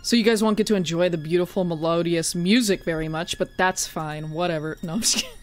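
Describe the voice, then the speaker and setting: A woman with a lowish voice talks at a quick pace while streaming a game live. She greets viewers by name, teases them playfully and laughs often in casual chat.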